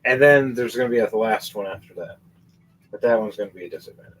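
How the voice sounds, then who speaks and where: A man running a tabletop game as game master, telling the story in a rambling, excitable and profane way. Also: on the low side, fast talker, breathy edge, rough recording.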